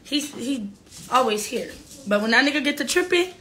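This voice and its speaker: A woman's voice: high voice, expressive, moderate pace, noisy background. A woman, talking bluntly and profanely on a casual live stream from her phone. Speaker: livestreamer.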